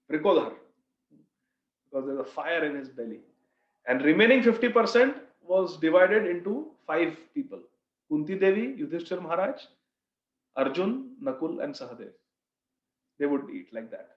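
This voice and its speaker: High-voiced man telling a sacred story. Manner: animated, expressive storytelling. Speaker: scripture class teacher. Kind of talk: devotional storytelling class. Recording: roomy, slightly dull recording.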